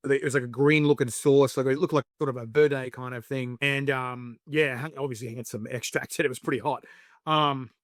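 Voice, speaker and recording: A man's voice: medium pitch, steady tone, brisk, dry recording, studio quality. An Australian man chatting casually as a podcast guest, telling stories with lots of fillers. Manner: chatty, storytelling, lots of fillers and acted quotes. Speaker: podcast guest, spicy food show creator. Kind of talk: casual interview chat.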